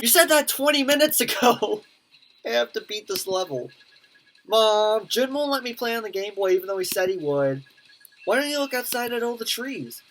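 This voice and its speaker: A woman's voice: mid-range voice, a little hiss or hum. Woman gamer voicing a game's characters. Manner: reads lines in many voices, quick reactions and laughs. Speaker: gaming YouTuber. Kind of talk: let's play, reading game dialogue aloud with commentary.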